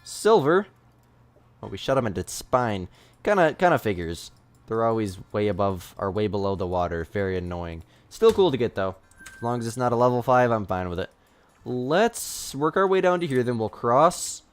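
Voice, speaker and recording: A man's voice: medium pitch, very animated, moderate pace. A man streaming a hunting game live, chatting casually and scolding his dog between shots.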